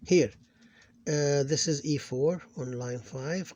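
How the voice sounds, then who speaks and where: A man's voice: mid-range voice, normal speed, a little mellow, dry recording. A man teaching an Arabic phonics lesson, sounding out syllables one at a time with patient explanations. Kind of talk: slow reading lesson.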